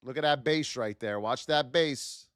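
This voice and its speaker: A man's voice: medium pitch, measured pace, a bit bright, no room sound, clean studio sound. A man in his thirties hosting a live trading stream, hyped up, calling out viewers' names and calling them his beauties. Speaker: trading educator and livestream host.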